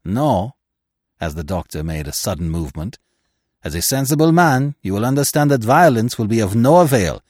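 A man voicing a calm middle-aged male detective in an audiobook reading, gentle, measured and grave. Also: lowish voice, dry recording. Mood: placid, explaining.

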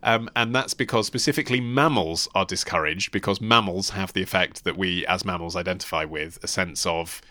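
A middle-aged man trades wry remarks in a relaxed podcast chat, breaking into quick bursts for his stories. His voice is a touch low, with a bright, forceful edge. The sound is dry and close, with no room around it. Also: no room sound. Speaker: podcast co-host. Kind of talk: casual chat.

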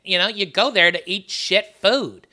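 A man's voice: high-pitched, normal speed, pushed and bright. A man hosting a podcast, talking in a boisterous, profane, rowdy way. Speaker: podcast host. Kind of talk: crude comedic banter.

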